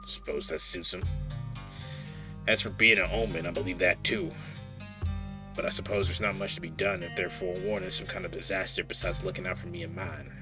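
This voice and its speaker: A man voicing a gruff middle-aged farmer with a folksy Southern US drawl, protective of his family. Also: low voice, fairly even intonation, brisk, over music, lightly acted.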